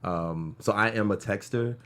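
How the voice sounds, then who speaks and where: A man with a fairly low voice co-hosts a casual panel chat. He talks in a laid-back, joking way. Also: moderate pace, fairly bright tone. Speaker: co-host.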